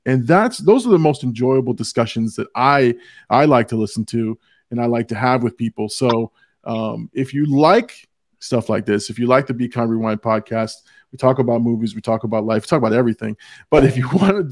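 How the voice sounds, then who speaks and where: A man hosting a movie podcast in casual chat, rambling and stumbling over his words, swearing freely. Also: mid-range voice. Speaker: podcast host.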